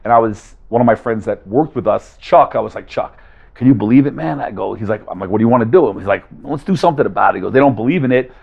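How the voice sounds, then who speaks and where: A man in mid-range pitch tells a story with animated energy, switching voices to act out each side of a conversation. The sound is dull and slightly lo-fi. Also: fast, creaky, breathy edge. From Las Vegas, USA. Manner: animated, acts out both sides of conversations. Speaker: guest speaker. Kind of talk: storytelling talk to a live audience.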